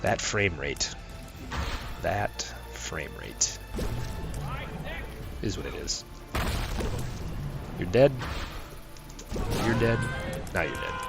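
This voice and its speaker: Low-voiced man swearing through gameplay. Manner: swears a lot, rambling, flares into angry outbursts. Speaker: gaming channel host. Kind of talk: casual gameplay commentary. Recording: music playing loudly behind.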